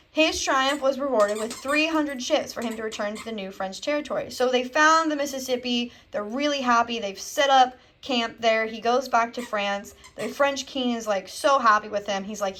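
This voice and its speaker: A woman's voice: fairly high pitch, fairly bright tone. Chatty young woman teaching history. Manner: chatty, acts out historical figures in a jokey voice. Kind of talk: casual recorded history lesson. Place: home, with a dog nearby.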